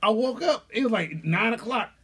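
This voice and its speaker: A man's voice: sits high, moderate pace, husky. A young man in casual chat, telling stories with lots of acted-out quotes and laughter. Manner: animated storyteller, acts out quotes.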